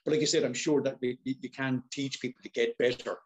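An Irish man chatting as a podcast guest, swearing freely and telling animated stories. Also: mid-range voice, quick pace, lo-fi sound, a little hiss or hum. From Ireland. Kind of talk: casual podcast chat.

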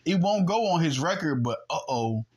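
The host's voice is fairly high, a little mellow and slightly rough, animated and at a moderate pace. He runs a podcast and here gives a heated, argumentative sports monologue, making punch sound effects as he talks.

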